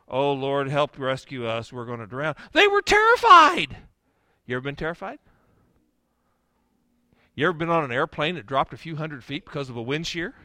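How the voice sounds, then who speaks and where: Bright, high-voiced man preaching. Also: no room sound. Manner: storytelling, swings from hushed to shouting. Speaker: pastor. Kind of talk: sermon.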